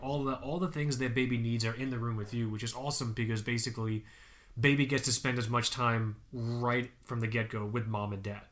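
A young man co-hosting a podcast, telling a personal story in casual chat, animated, laughing often and swearing. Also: mid-range voice. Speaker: podcast co-host.

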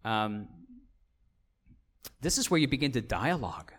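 A man's voice: mid-range voice, sing-song, measured pace, a bit bright. A man as pastor, giving a conversational seminar talk, often checking in with his audience and correcting himself. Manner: conversational, with frequent fillers and self-corrections. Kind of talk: casual teaching talk.

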